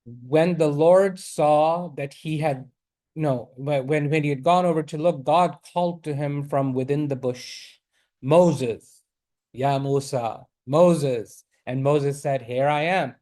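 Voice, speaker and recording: Higher-voiced man teaching Arabic. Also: warm tone. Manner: explanatory, reads Arabic verses quickly then translates. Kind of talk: classroom lesson reading and explaining Quranic Arabic. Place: mosque classroom.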